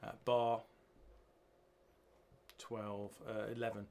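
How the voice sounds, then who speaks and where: Gravelly man teaching bass. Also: level tone, slow, background noise. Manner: counts beats and sings rhythms aloud. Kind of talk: music lesson walkthrough. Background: bass guitar playing.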